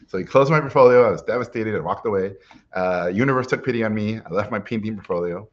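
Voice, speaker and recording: A middle-aged man, an animation director, telling stories from his life in an animated way, often chuckling as he talks. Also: fairly low pitch, fast talker. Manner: animated storyteller, chuckles while telling anecdotes. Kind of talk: personal storytelling talk. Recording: dull lo-fi recording.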